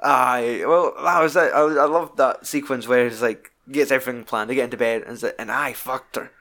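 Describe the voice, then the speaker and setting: A young man chats casually about a film, retelling scenes with animated energy and constant swearing. His voice sits at an ordinary middle pitch, and he keeps the tone of an easygoing podcast co-host. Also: a little fast.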